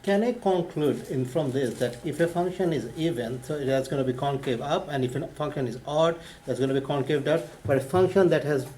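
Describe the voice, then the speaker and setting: A man's voice: on the high side, fairly quick, few pauses, warm tone, slight background noise. A man asking his teacher questions in a math class. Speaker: student.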